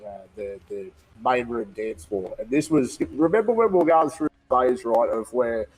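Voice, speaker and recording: An Australian man with a husky, breathy voice at an ordinary pitch tells a story to his podcast hosts. He sounds loose and animated and laughs through the funny parts. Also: moderate pace, low-quality recording. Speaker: podcast guest. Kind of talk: casual storytelling.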